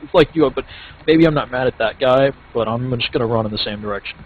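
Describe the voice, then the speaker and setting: A man in casual chat, speaking in a measured, wry way. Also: mid-range voice, phone-quality sound, a little hiss or hum.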